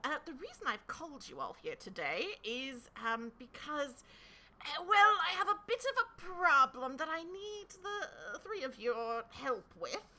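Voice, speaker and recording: A woman's voice: sits high, sing-song, a little slow, sharp tone, pitched above the performer's own voice, full character voice. A woman voicing a dim, fretful king who hems and haws through his request. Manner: hesitant, filler-heavy. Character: dim, sandwich-eating male king, fretful.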